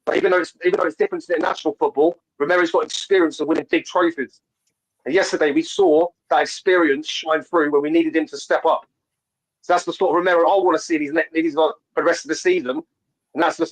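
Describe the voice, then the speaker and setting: A man calls in to a fan show over a video call and talks fast about football. His voice sits a touch high for a man, and he pushes on eagerly, restarting his sentences as he goes. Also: steady tone, low-quality recording. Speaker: caller. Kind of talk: casual fan call-in chat.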